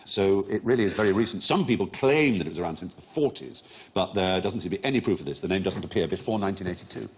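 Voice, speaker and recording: Hardly pausing, a middle-aged man speaks fast in a low-sitting voice. As host of a comedy quiz show, he is lively and erudite, relishes explaining odd facts, and laughs often while doing witty panel-show hosting.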